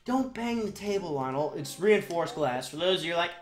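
A woman streaming a speedrun, talking in a joking, excitable way that swings to shouting, in an echoey room. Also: fairly low pitch, normal speed, faint music behind. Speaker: video game streamer. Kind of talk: live-stream commentary while speedrunning.

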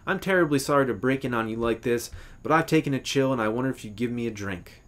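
A man reading the lines of a polite, brisk middle-aged gentleman who seems puzzled by what he hears, in a literary story reading. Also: medium pitch, animated, natural voice. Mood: apologetic. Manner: polite, brisk, slightly bewildered.

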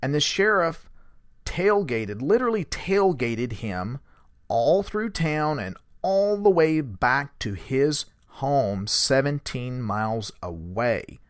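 A man casually retells a source's encounter as host, in a relaxed, rambling way with fillers and lively quoted speech. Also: mid-range voice, slow, few pauses, dry recording, studio quality. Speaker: host recounting a source's story. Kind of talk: conversational storytelling.

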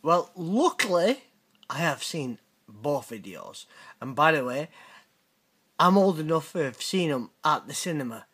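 A British man in middle age hosts a casual reaction video, his voice sitting fairly high. He drawls unhurriedly through his points, blunt and sweary, with a teasing edge. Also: big pitch swings, unhurried, a bit bright, breathy edge. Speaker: channel host reacting to viewer messages.

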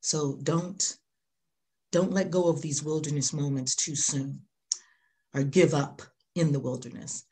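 Low-voiced woman pastor preaching. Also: fairly even intonation, a little slow, darkish tone. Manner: earnest, repeats key phrases for emphasis. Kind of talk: sermon.

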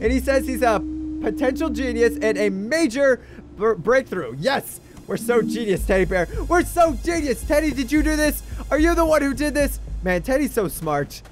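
Young guy gaming youtuber, super high voice that bounces all over, goofy and excited, music playing faintly behind. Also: normal speed. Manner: excitable, goofy, talks to a teddy bear. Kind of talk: game commentary.

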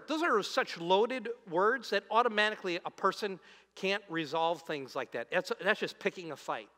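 A man preaching a sermon as pastor, animated, swinging from loud emphasis to soft, low asides. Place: church auditorium. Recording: long hall reverb.

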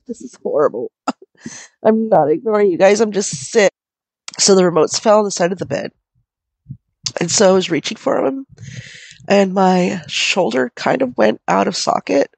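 Sick, croaky woman podcasting from bed. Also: medium pitch, lively intonation, moderate pace, pauses often, darkish tone, dry recording. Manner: rambling, self-deprecating, profane. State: sick, coughing, voice going. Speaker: podcast host. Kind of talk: casual solo podcast chat. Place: in bed at home.

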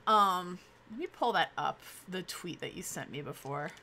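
A young woman streaming live, chatting casually with her viewers and breaking into excited exclamations. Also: on the low side, moderate pace, a little hiss or hum. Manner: bubbly, chatty, exclaims often. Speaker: Twitch streamer.

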